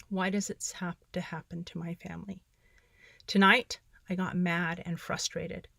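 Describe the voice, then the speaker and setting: Middle aged woman reading her journal on a webcam, kinda low voice, earnest, little laughs, dry sound. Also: no echo. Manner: earnest, soft-spoken, with wry laughs. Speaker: podcast host. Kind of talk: reading journal entries and sharing tips.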